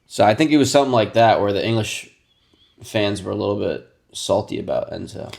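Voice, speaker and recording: A man's voice: fairly low pitch, lively intonation, brisk, vocal fry, darkish tone. A man co-hosting a podcast, talking eagerly about sports in a chatty, hedging way. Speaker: podcast co-host. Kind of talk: casual chat.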